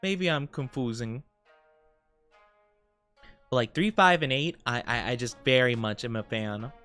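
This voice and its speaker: A man's voice: mid-range voice, unhurried, a bit bright, clear, resonant tone, soft background music. A man chatting casually on a live stream, giggly and fidgety and full of filler words.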